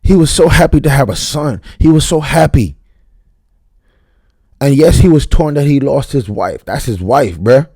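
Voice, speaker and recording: A man giving an unscripted, profane, slang-heavy recap of a TV episode, talking fast and getting worked up. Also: medium pitch, lively intonation, a little mellow, husky, no room sound. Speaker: TV show reviewer.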